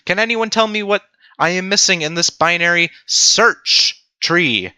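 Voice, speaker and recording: A young man teaching a programming tutorial on a livestream, animated and self-mocking as he talks to his chat. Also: high-pitched, a little slow, smooth, dry recording. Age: young adult. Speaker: teaching assistant.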